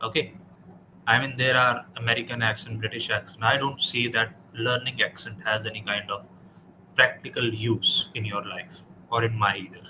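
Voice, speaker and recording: A man's voice: mid-range voice, steady tone, moderate pace. Indian male English tutor, direct and corrective, noisy line. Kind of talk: spoken English practice session with feedback.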